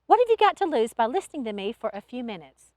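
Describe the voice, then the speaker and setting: Pitched high and swinging broadly, this voice belongs to an earnest young angel in training with a Southern accent, performed by a woman storyteller in a pleading, sorry tone. She talks quickly with a somewhat dark timbre. The close, dry recording has no echo.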